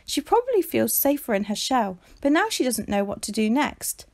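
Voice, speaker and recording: A wise male lion from a storybook explains in calm, measured, soothing tones, as a woman reads him. His voice moves gently up and down. He sounds patient and kind. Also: fairly high pitch.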